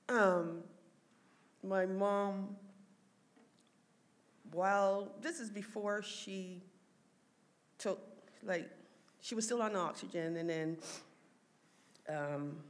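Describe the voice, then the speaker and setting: A woman telling a family story in casual conversation, laughing often and voicing the people she quotes. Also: medium pitch. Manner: animated, laughs often, quotes others in raised voice.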